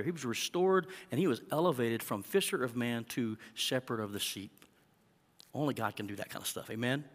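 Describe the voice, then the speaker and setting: A man's voice: medium pitch, big-room sound. A male pastor preaching a sermon in an earnest way that rises to emphatic peaks.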